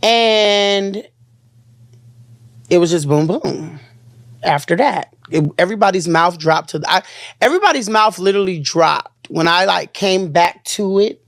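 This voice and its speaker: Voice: mid-range voice, vocal fry, no room sound. Earnest interview guest in a dry recording. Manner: earnest, halting, trails off and restarts. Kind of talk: emotional personal account in an interview.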